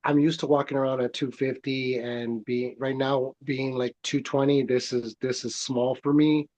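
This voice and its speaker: A man's voice: mid-range voice, little pitch movement, normal speed, a little mellow. A man speaking as a guest in a casual chat, earnest and reflective.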